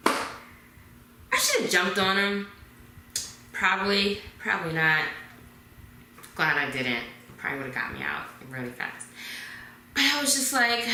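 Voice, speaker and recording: A woman in her twenties telling a dramatic storytime vlog, dropping to hushed whispers at times. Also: medium pitch, moderate pace, a little hiss or hum. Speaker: vlogger. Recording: echoey room.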